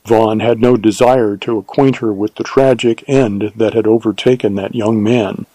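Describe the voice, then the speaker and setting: A man reading a western novel aloud as narrator, in a measured, even storytelling manner. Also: fairly low pitch, breathy edge, no room sound, rough recording. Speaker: audiobook narrator. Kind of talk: scripted narration.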